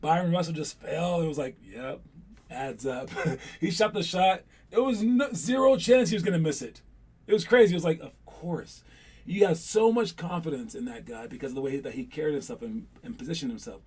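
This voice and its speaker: A young man talks to his basketball players in a loose, chatty way, circling back to repeat the same lines. His voice sits a little high but sounds dark and mellow, with a husky edge. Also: a little fast. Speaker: youth basketball coach. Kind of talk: casual talk to players.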